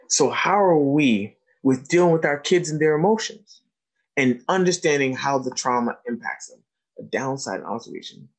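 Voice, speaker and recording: A man with a husky, slightly rough voice leads a training session for educators. He mixes lecture with vivid classroom stories and keeps checking in with his listeners. His pitch sits in an ordinary middle range. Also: rough recording. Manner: animated storyteller, asks the audience questions. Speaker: educator giving a training talk. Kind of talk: lecture to teachers with told stories.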